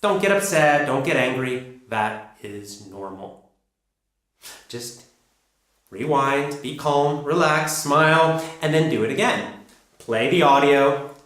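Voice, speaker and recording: A man teaching English pronunciation, explaining practice steps in an energetic, emphatic, repetitive coaching manner. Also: on the high side, takes it slowly. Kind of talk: instructional explanation. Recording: very echoey room.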